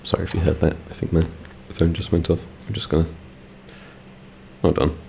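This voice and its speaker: Low, laid-back British male streamer. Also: monotone, fairly quick, vocal fry, a little mellow, a little hiss or hum. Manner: laid-back and giggly, rambling with fillers. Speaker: ASMR streamer. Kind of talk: casual live-stream chat, reading chat.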